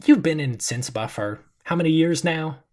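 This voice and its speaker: A man's voice: on the high side, normal speed, darkish tone, pitched above the performer's own voice, natural voice. A man voicing a friendly suburban father in a tabletop role-play, affable and chatty with sudden intense turns.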